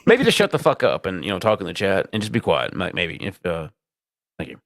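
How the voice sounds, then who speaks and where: A man hosting a live-stream podcast, loud and exasperated, swearing and swinging between shouts and low mutters. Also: wildly swooping pitch, brisk, gravelly. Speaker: livestream podcast host.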